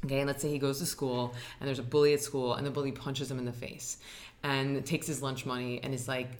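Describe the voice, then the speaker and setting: A woman with a low voice speaks as a guest on an interview podcast, explaining meditation. She tells stories with animated quoted voices, in a relaxed, chatty way. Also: fairly quick. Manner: animated storyteller who acts out quotes. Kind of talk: casual interview chat. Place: dining room.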